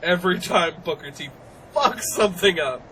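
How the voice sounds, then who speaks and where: A young woman co-hosting a casual wrestling review podcast, animated and quick to laugh, swearing constantly. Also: lowish voice, a little hiss or hum, low-quality recording. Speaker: podcast co-host.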